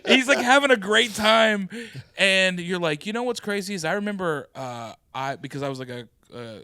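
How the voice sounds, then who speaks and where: Animated man telling a story. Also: high-pitched, normal speed, clean tone, no echo. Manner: animated storyteller, loud acted-out quotes. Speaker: podcast host. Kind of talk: casual chat.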